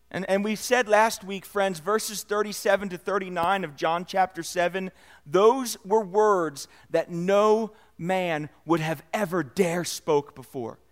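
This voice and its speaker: A man preaching a sermon, with expressive delivery that swells and drops in volume for emphasis. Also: high-pitched. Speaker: pastor.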